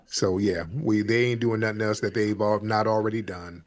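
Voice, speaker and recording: A man's voice: fairly low pitch, steady tone, normal speed. A man hosting a live call-in talk stream, speaking emphatically and repeating his points to drive them home. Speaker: host.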